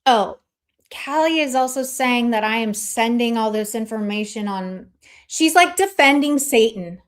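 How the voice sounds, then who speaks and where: A woman's voice: on the high side, unhurried, smooth. Blunt, profane woman streamer. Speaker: livestream host. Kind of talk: ranting casual stream chat.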